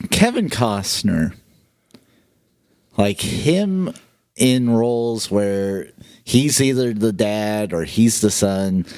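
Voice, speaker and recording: A man's voice: lowish voice, a little mellow, dry recording, studio quality. A man co-hosting a podcast in casual chat, laid-back with brief replies. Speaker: podcast co-host.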